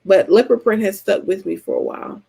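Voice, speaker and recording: A woman from Georgia with a Southern American accent, chatting casually with her viewers and telling stories in an animated, colloquial way. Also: mid-range voice, brisk, creaky, slightly rough. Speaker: vlogger host answering subscriber comments. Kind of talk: casual chat.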